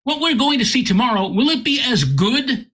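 A man telling a story puts on the voice of an eager, chatty British gentleman passenger, with a British accent and a higher, lilting tone. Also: big pitch swings, normal speed, husky, exaggerated voice.

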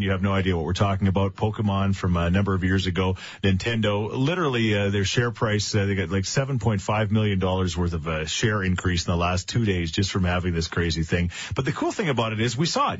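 Husky man hosting morning radio. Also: lowish voice, dry recording. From Canada. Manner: chatty, rambling with fillers and restarts. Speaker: radio morning show host. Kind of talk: casual radio banter. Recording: muffled lo-fi radio broadcast.

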